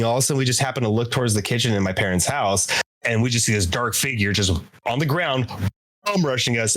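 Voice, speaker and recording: A man's voice: medium pitch, a bit bright, no room sound. A man co-hosting a podcast, telling a rambling story with laughter and swearing. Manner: rambling, laughs between lines, profane. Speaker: podcast co-host. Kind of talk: casual storytelling.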